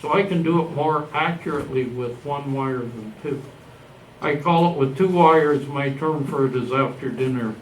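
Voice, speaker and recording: A man's voice: medium pitch, moderate pace, a little hiss or hum. An older man from Canada giving an informal presentation to a live audience, rambling a little and correcting himself as he goes. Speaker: presenter at a genealogy society talk. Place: meeting room. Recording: echoey room recorded from a distance.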